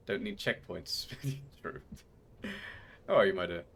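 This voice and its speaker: A man's voice: low-pitched, lively intonation, moderate pace, pauses often, a bit bright. A man streaming a frustrating game live, chatting with viewers and groaning at failures, out of breath. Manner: exasperated, talks to chat between groans and yelps.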